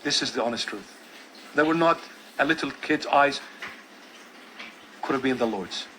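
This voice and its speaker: A man giving earnest, fervent testimony and preaching, repeating key lines for emphasis and dropping low and soft on solemn words. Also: normal speed, a little hiss or hum, poor audio.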